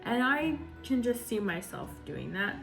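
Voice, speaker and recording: A woman's voice: fairly high pitch, very animated, a little slow, creaky, over music. A woman vlogger in casual reaction commentary, laughing often and trailing off mid-thought.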